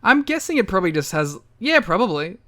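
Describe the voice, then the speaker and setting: A man's voice: sits high, very animated, fairly quick, pushed and bright. A man co-hosting a podcast in casual chat, with wry, self-mocking remarks and frequent laughter. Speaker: podcast co-host.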